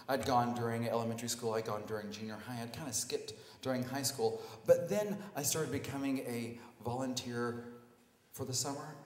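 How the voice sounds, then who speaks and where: A man telling a personal story live on stage, animated and self-mocking, acting out the scenes. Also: medium pitch. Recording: echoey hall, live stage.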